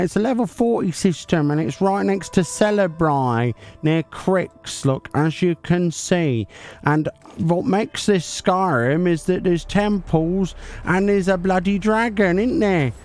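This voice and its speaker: A man's voice: high-pitched, a little mellow, voice pushed up. A man putting on an over-eager male clickbait video host who keeps saying "guys" and pushes sign-off plugs. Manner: hyped, repeats "guys", pushy sign-off plugs. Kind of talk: parody of a video intro.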